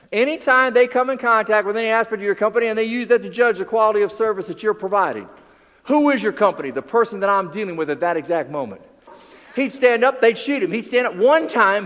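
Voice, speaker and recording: A man giving a keynote speech as a motivational speaker, telling stories with lively acted-out dialogue. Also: high-pitched, big-room sound. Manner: animated storyteller, acts out dialogue. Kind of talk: keynote speech to a live audience.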